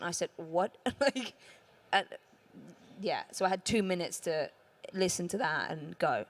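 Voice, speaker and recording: A woman's voice: lowish voice, unhurried. A woman with a London accent, a voice actress on a conference panel, telling stories chattily and laughing often. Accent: London English. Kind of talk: casual panel chat.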